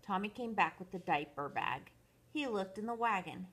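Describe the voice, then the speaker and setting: An older woman, a grandmother, reading a picture book aloud to children in a slow, expressive, sing-song way. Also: mid-range voice, husky. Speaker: grandmother storyteller.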